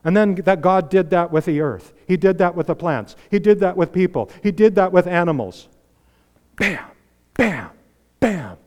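A man preaching a sermon, fervent, swinging from hushed asides to emphatic exhortation. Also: sits high, a little fast, hardly any pauses, smooth. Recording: long hall reverb.

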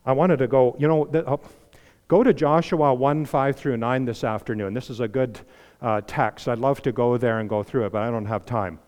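A man's voice: mid-range voice, normal speed. Fervent preacher man in a reverberant hall. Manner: fervent, swings from hushed to emphatic exhortation. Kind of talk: sermon.

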